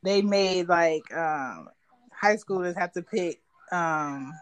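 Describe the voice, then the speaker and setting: A woman in her thirties from Georgia, chatting casually and telling animated stories with big jumps in her voice. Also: slow pace, no room sound. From United States (Georgia). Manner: animated, laughing storyteller with big pitch jumps. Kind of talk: casual chat.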